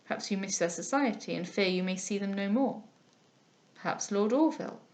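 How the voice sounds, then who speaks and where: A woman reading aloud, voicing an elderly male guardian who speaks softly, mildly and solemnly. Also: mid-range voice, fairly quick, lightly acted. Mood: grave. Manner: soft, mild, solemn speech.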